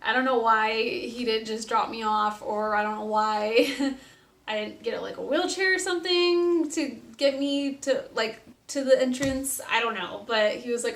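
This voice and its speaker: A woman's voice: fairly high pitch, moderate pace, creaky, a bit bright. A young woman casually telling a personal story, chatty and full of "like", acting out what people said. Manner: chatty, lots of "like", acts out quotes. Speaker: vlogger telling her birth story. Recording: echoey room with faint noise.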